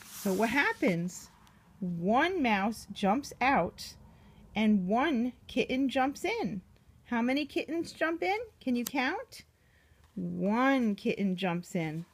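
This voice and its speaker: Slow, gentle woman reading to a child. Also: a little high, big pitch swings, slightly rough. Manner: gentle, asks the child questions. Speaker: aunt reading a picture book to a child. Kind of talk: reading aloud to a young child.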